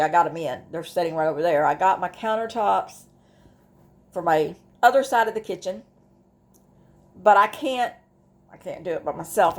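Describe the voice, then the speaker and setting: A middle-aged woman with a drawl talks to the camera in a personal vlog. Her voice has a gravelly fry, and she speaks slowly. She rambles, doubling back and restarting her sentences as she goes. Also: lowish voice. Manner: rambling, with many restarts and asides. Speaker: vlogger. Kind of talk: casual talk to camera about grief.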